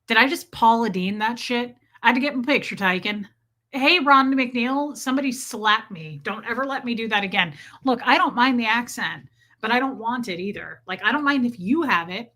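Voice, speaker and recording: A woman's voice: on the high side, pushed and bright. A young woman from the Midwest with a Midwestern accent, chatting casually on her livestream, rambling and answering viewers' comments. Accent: Midwestern American. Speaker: livestream host.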